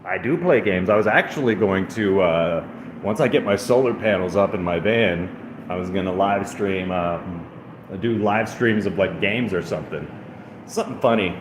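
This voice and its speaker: Low-voiced man rambling on a livestream. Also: moderate pace, reverberant, noisy background. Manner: rambling, self-deprecating, coos at a cat. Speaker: streamer. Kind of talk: casual livestream chat. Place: indoors in an apartment.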